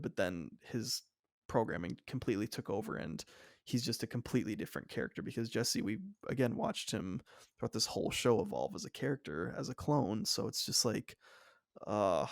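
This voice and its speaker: A young man co-hosting a fan podcast, with a low, gravelly voice and a dry, close sound. He rambles eagerly and leans on "like" as he gushes over a story. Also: animated, moderate pace, no room sound. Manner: enthusiastic, rambling, frequent "like" fillers. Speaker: podcast co-host. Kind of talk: casual fan discussion.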